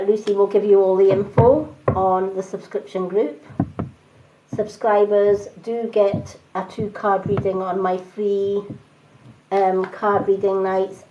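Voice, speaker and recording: Slow-talking woman with a mixed Scottish accent. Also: mid-range voice. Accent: Scottish, mixed with other British influences. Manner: slow, chatty, thanks viewers between readings. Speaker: tarot card reader. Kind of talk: casual live-stream card readings. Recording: dull lo-fi sound with faint noise.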